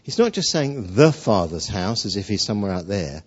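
A man's voice: lowish voice, sing-song, moderate pace, husky. A male preacher giving a sermon, telling a story in a chatty way full of rhetorical questions. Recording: dull lo-fi sound.

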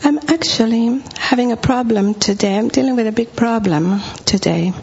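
Gentle voice of God, as a woman preacher quotes him. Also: fairly high pitch, normal speed, close to an everyday voice. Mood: calm. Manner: gentle, then firmer. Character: gentle, calm male voice of God. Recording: dull lo-fi recording with faint hum.

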